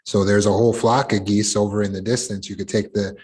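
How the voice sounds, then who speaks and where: A middle-aged man, coaching a support group on a video call, speaks fast in a low, husky voice. He talks through examples in an animated way.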